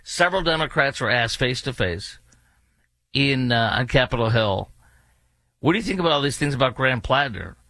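A male host delivers pointed political commentary with a sarcastic, mocking edge. His voice is bright and forceful. The sound is close and dry, with no room around it. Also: mid-range voice, lively intonation, normal speed, dry recording. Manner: sarcastic, mocking, rambling asides. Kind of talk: opinionated talk radio commentary.

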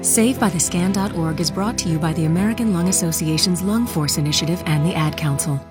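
A woman announcer reading a public service message in a calm, reassuring way. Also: fairly low pitch, brisk, music in the background.

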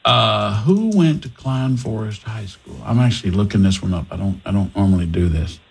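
A man's voice: on the low side, normal speed, creaky, breathy edge. A man hosting a talk radio show, chatting casually and restarting his sentences often. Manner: lively, chatty, self-correcting with frequent restarts.

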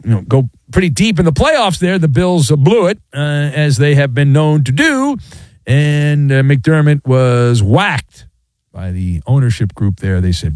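A man hosting a sports talk radio show, riffing sarcastically in a jokey, animated monologue. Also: on the high side, dry recording.

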